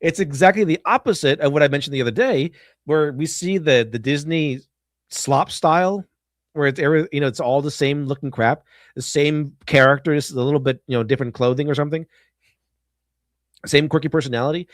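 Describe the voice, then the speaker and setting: A man's voice: fairly high pitch, brisk, dry recording, studio quality. A man streaming, giving rambling casual commentary on a video he is watching, often restarting his sentences.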